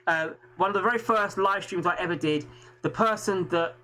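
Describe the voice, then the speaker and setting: A man's voice: high-pitched, moderate pace, bright, forceful tone, low-quality recording. An English man hosting a live stream, talking earnestly in a rambling way with many restarts. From England. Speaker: host. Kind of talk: casual live-stream chat.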